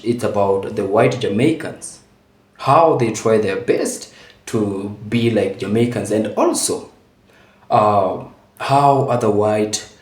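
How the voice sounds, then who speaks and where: Low-voiced man hosting in an echoey room. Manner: relaxed, with frequent "uh" and "um" fillers. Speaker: YouTube host. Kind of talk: casual video intro.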